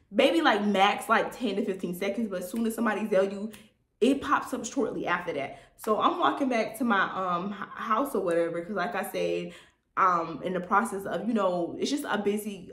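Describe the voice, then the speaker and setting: A young woman telling a lively story to her viewers in a casual chat, calling them y'all. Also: medium pitch. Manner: animated, chatty, addresses viewers as y'all. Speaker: vlogger telling a story time. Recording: echoey room.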